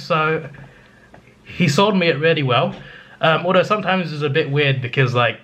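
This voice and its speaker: A man's voice: a little high, moderate pace, a bit bright. A young man from England, telling a travel story in a chatty, laughing way with stammered restarts. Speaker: vlogger. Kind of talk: casual storytelling.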